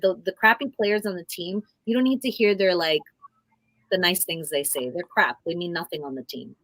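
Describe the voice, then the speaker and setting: A woman's voice: on the low side, moderate pace, fairly bright tone, no echo, rough recording. A middle-aged woman co-hosting a casual live stream, speaking frankly and swearing freely. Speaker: co-host.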